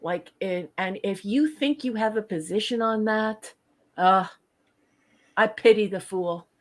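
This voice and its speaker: A woman's voice: medium pitch, a little slow. A woman co-hosting a podcast in casual chat, eager and self-deprecating, passing on requests from the chat. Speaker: podcast co-host.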